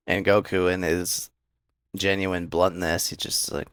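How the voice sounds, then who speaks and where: A young man with a low voice talks through an anime episode in a loose, rambling way, full of fillers and quick asides. The sound is dry and close, with no room behind him. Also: flat delivery, fairly bright tone, smooth, no room sound. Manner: rambling, filler-heavy retelling with quick acted quotes. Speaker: anime recap host. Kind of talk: casual episode breakdown.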